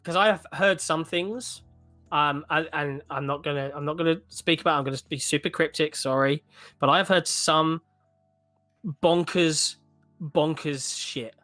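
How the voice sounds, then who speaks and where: A man's voice: a little high, moderate pace, sharp tone, faint music behind. A British man, a guest commentator on a live stream, chatting casually and animatedly, with a cryptic tone and casual swearing. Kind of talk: casual panel chat.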